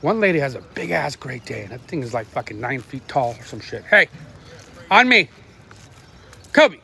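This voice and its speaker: A middle-aged man chatting casually while walking his dogs outdoors, rambling, swearing freely and barking quick commands at the dogs. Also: mid-range voice, expressive, gravelly, a bit bright, slight background noise. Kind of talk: casual live-stream chat. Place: outdoors on a neighborhood walk.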